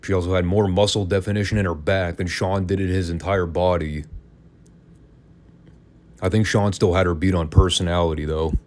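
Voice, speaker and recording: A man's voice: deep voice, fairly even intonation, normal speed, a little mellow. A man hosting a podcast, giving a casual, opinionated and sarcastic wrestling review. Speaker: podcast host.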